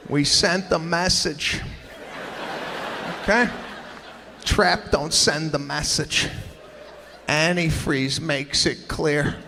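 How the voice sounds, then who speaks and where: A male stand-up comedian telling stories in an animated, exasperated way, slipping into acted-out voices. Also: on the high side, drawn-out words, long pauses, a little hiss or hum. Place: large theater with a live audience. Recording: live hall recording with crowd laughter.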